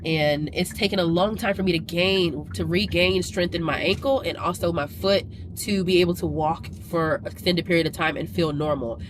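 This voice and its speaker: A woman's voice: fairly low pitch, moderate pace, hardly any pauses, background noise. Lady vlogging straight to camera, fired up, repeats stuff over and over like a preacher. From Southern US, Louisiana. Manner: emphatic, preacher-like repetition and rising intensity. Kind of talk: casual vlog talk to camera.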